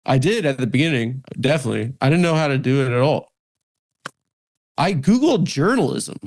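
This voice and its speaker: A man in his thirties, a comedian guest in a casual interview, talking in halting starts with lots of fillers and self-mockery. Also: medium pitch, animated. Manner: halting, many restarts and "like" fillers, self-deprecating. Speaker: comedian and podcast host, guest.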